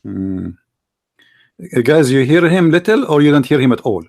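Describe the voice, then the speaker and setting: Gravelly Arabic-accented man, challenging. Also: mid-range voice, big pitch swings, normal speed, darkish tone, no echo, clean studio sound. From Middle East. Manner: challenging, insistent questioning. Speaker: debate livestream host. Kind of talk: live debate call-in stream.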